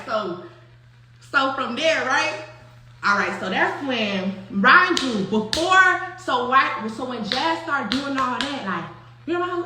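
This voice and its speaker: A high-voiced woman tells a personal story in a casual storytime chat, animated and profane. She laughs often and acts out quotes, and the recording is very echoey with a little hiss or hum.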